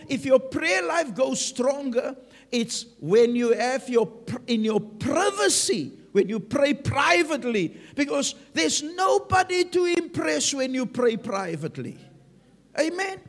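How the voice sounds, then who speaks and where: A man's voice: very high voice, very animated, takes it slowly, creaky, slightly rough. A man preaching a sermon with emphasis, punctuating his points with "Amen". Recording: long reverb of a large hall.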